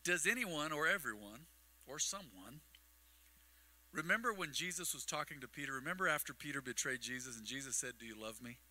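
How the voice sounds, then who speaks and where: A man preaching a mid-week sermon as pastor, telling a long personal story with acted-out dialogue and quick asides to the congregation. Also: a little high, animated, pushed and bright, rough recording. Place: church sanctuary. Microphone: microphone on a livestream.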